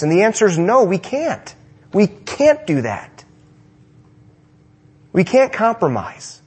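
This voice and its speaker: A young man preaching a sermon to men, with emphatic repeated rhetorical questions, swinging between loud and soft, and ending in prayer. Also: high voice, big pitch swings, moderate pace, long pauses, slightly rough.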